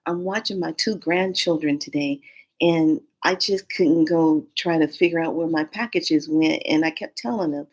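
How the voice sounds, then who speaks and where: Lady quoting a grateful grandma next door, husky and gushing, thank-you-so-much energy. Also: sits low, moderate pace. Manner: effusive, thankful. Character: grateful older woman neighbor.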